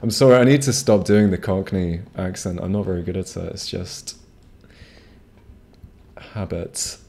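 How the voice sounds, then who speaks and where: Low-voiced rambling gamer. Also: male voice, measured pace, gravelly, darkish tone, slight background noise. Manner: rambling, profane, frequent restarts. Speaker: gamer streaming a playthrough. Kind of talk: casual gameplay commentary. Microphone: home streaming microphone.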